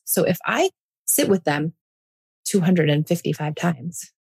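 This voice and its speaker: A woman in her forties speaks in a slightly low voice as a podcast host. She is earnest and reassuring and drives her points home by repeating them. The talk is a calm monologue. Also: unhurried, gravelly, husky. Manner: earnest, reassuring, emphatic repetition.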